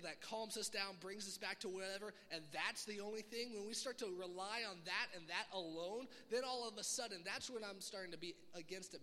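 A young man preaching a sermon to a youth group, lively and conversational, acting out the voices he quotes. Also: high voice. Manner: animated, acts out quoted voices. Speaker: youth pastor. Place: church hall. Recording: echoey hall.

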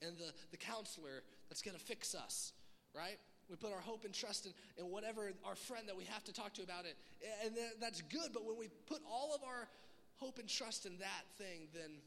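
A young man preaching a sermon to a youth group, lively and conversational, acting out the voices he quotes. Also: high-pitched. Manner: animated, acts out quoted voices. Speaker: youth pastor. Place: church hall. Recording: echoey hall.

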